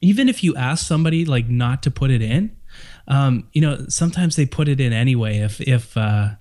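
A man's voice: medium pitch, expressive, a little fast, mellow. A man appearing as a guest on a podcast, chatting casually and teasing the host. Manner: joking, playful teasing. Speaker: guest author on productivity.

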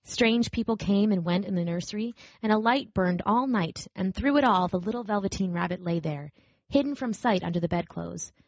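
A woman narrating a storybook aloud in a gentle, even storytelling manner. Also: mid-range voice, moderate pace, no room sound. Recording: dry, slightly dull recording.

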